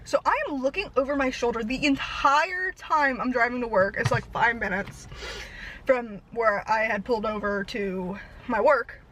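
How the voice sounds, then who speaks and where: High-voiced young woman yapping a storytime, breathless, faint hiss behind. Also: a bit bright, rough recording. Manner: breathless, fast-talking, self-deprecating. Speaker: vlogger. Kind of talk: rambling storytime chat.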